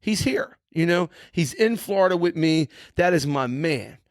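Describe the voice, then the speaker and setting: A man's voice: a little high, normal speed, no room sound. A middle-aged man, a podcast guest, telling his recovery story candidly, emphatic and earnest, often tagging lines with "you know" and "right".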